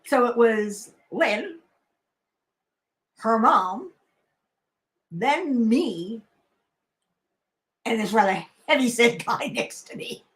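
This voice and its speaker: Chatty rambling woman, lively pitch. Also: extremely slow, pauses often. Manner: chatty and rambling, many fillers and restarts, laughs often. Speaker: crafting channel host. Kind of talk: casual live-stream chat.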